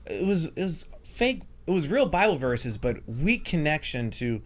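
A man's voice: fairly high pitch, normal speed. A man, a stage hypnotist and guest, telling funny stories in a casual chat and acting out the people in them. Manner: animated, acts out the people in his stories. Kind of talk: comedic storytelling in casual chat.

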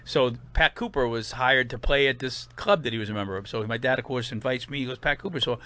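A comedian in his fifties with a Boston accent tells rambling, animated anecdotes full of fillers as a guest in a casual storytelling interview. He talks fast in a mid-range voice.

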